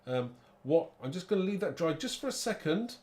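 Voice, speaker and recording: A man's voice: high-pitched, sing-song, fairly quick, a little mellow. A man hosting a live card-making demo, chatty and rambling, thinking aloud and laughing at his own muddles.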